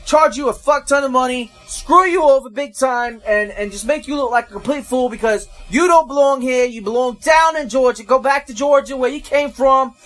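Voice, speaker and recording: A man playing an angry Philadelphia local who loudly scolds outsiders, ranting with curses in a mock northern accent. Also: very high voice, moderate pace, hardly any pauses, pitched above the performer's own voice. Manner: loud, profane, ranting.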